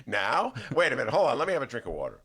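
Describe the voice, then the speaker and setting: Animated male podcast host with lively pitch. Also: rapid-fire, a crowd in the background. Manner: animated, jokey, slips into impressions. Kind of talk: casual studio chat. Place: radio studio.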